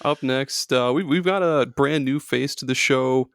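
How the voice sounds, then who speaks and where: A man's voice: mid-range voice, unhurried, clear, resonant tone, no echo, clean studio sound. A man in his thirties hosting a casual video game podcast, jokey and laid-back, laughing often. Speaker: podcast host.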